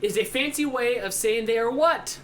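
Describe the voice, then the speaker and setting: A man hosting a live call-in trivia game show from home, talking fast and joking as he rambles between questions. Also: extremely high pitch, fairly bright tone, slight background noise. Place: home studio.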